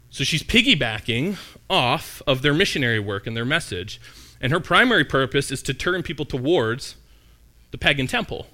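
A man preaching a sermon as pastor, animated and acting out the voices he quotes. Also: medium pitch.

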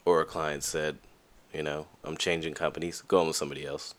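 A man's voice: extremely low pitch, flat delivery, fairly quick. A young man hosting a podcast, talking candidly in a casual monologue and acting out the voices of people he quotes. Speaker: podcast host.

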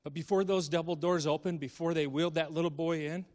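A middle-aged man telling an emotional story from the pulpit, moving between hushed and impassioned delivery. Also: a little high, steady tone, quick pace, long reverb tail. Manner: dramatic, swings from hushed to impassioned. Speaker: speaker.

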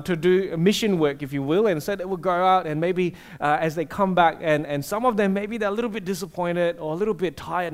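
A man, preaching a casual sermon that tells stories and asks the audience questions. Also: high-pitched. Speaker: pastor. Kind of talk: conversational sermon.

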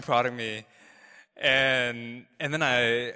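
A man's voice: mid-range voice, a little slow, sharp tone. A man preaching a casual storytelling sermon, chatty and loose, with lots of fillers and restarts. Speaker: pastor. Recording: long reverb of a large hall.

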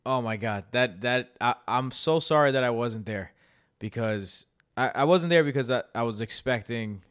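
A man's voice: medium pitch, normal speed, a bit bright, clean tone, no room sound, clean studio sound. A young man hosting a podcast, chatting casually and earnestly, often stumbling and repeating words. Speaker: podcast host. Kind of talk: casual chat.

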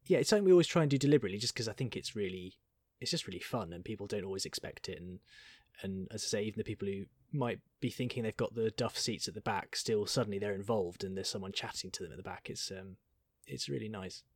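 A man's voice: on the low side, fast, husky, no echo, studio quality. A man chatting casually in an interview, telling pantomime anecdotes with laughter. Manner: animated anecdotal storyteller, laughs often. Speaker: pantomime performer.

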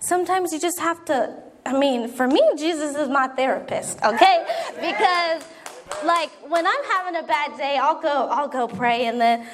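High-voiced young woman preaching a sermon. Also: normal speed, slight background noise. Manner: earnest, conversational preaching with repeated appeals and acted prayers.

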